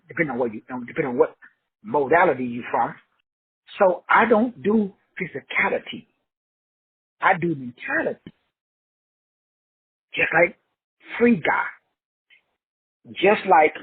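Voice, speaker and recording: Husky high-pitched man preaching on tinny audio. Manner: preachy, blunt and profane, addresses listeners directly. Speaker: host of a self-help show. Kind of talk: animated motivational monologue. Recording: tinny phone-like dry audio.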